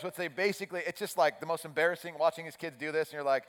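A man's voice: fairly high pitch, fast, fairly bright tone. A man preaching a sermon, telling a self-mocking story and acting out his own chipper coach voice. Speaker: pastor. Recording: long reverb of a large hall.

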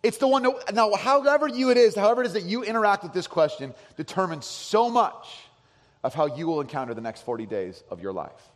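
A man preaching a sermon in a large church hall, telling stories with lots of energy. His voice sits a little high for a man and swings from loud bursts to quiet asides. A long reverb trails after his words. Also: a little fast. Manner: animated storytelling, voices his son and swings from loud to soft. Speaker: pastor.

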